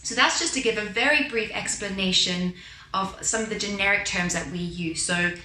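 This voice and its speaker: A woman's voice: medium pitch, moderate pace, sharp tone, reverberant, a little hiss or hum, rough recording. A woman vocal teacher explaining singing technique patiently, often checking in with the listener and breaking into short sung examples. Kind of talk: instructional talk with sung demos.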